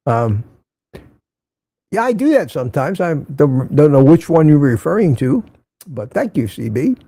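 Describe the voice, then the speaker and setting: A man's voice: a little high, big pitch swings, unhurried, warm tone, slightly rough, no room sound. An older man from Central Florida hosting a casual morning livestream, rambling and reading out viewer comments. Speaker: livestream host.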